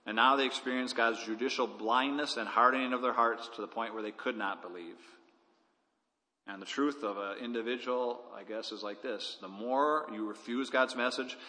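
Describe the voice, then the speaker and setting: A man's voice: medium pitch, fairly even intonation, moderate pace, bright, forceful tone. A man preaching a sermon as a pastor, earnest and pleading with emphatic delivery. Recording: hall reverb.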